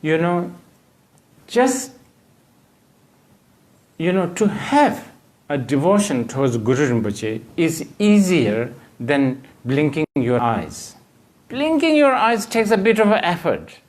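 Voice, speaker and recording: A man with a Bhutanese accent giving a Buddhist dharma teaching, with halting, hesitant phrasing and many fillers. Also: a little high, sing-song.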